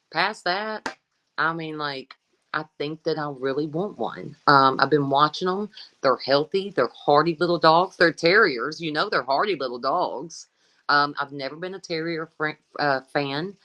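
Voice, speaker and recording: A woman's voice: sits low, moderate pace, sharp tone, rough recording. A middle-aged woman dog breeder in a casual interview, talking in a blunt, folksy way and swearing freely.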